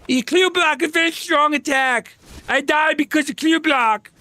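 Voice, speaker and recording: A whiny male online gamer grumbles in broken, halting English, as a man puts on the voice. The voice sits high and drawn out, stretched slow, with a timbre far from the man's usual talk. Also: bright, forceful tone, a little hiss or hum, full character voice. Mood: whining. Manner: complaining, halting broken phrasing.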